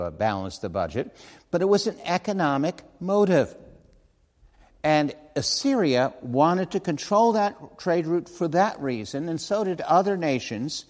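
Here the sermon comes in a slightly high, somewhat mellow male voice, earnest yet chatty, full of side remarks and self-corrections, echoing with long hall reverb.

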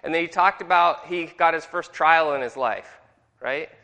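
A man's voice: fairly high pitch, moderate pace, creaky, bright, forceful tone, dull audio. A middle-aged man teaching a Bible class in a jokey way and asking the room questions. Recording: long hall reverb.

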